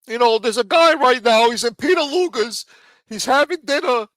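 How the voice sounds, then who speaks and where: A man putting on a sly, high voice as a tipster who teases the listeners with news. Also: lively intonation, normal speed, a bit bright, dry recording. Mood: teasing. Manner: teasing, conspiratorial.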